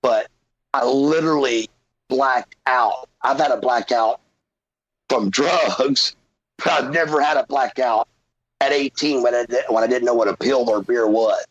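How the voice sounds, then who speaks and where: A man spins a long, cursing story as a podcast guest, throwing himself into the voices of everyone in it. His voice is husky and a little breathy, and it sounds dry and close to the mic. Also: mid-range voice, a little slow, no echo, highs cut off. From Georgia, USA. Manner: animated, swearing, acts out quotes. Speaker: podcast guest, former pro wrestler. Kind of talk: profane storytelling.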